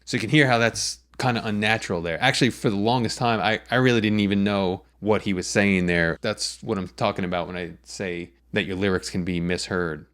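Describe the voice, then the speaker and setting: A man's voice: on the low side, fairly quick, hardly any pauses, a bit bright. A man explaining lyric writing in a patient, methodical lesson, walking through examples step by step. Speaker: songwriting teacher.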